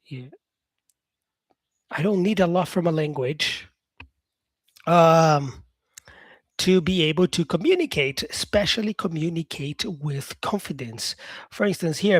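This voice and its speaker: A man's voice: on the high side, lively intonation, measured pace, a bit bright, dry recording. A man teaching English, talking casually to viewers and stressing his points by restating them in new words. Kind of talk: casual explanatory talk to viewers.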